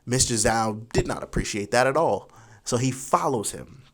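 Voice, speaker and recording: A young man in his twenties telling a school story casually, animated and full of fillers like "you know". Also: mid-range voice, normal speed. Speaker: vlogger.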